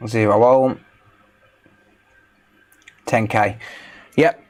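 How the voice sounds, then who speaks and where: Man, mid pitch, casual livestream banter, joking, swears freely. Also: normal speed, long pauses. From English Midlands. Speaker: electronics repair livestreamer. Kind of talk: casual livestream chat while working.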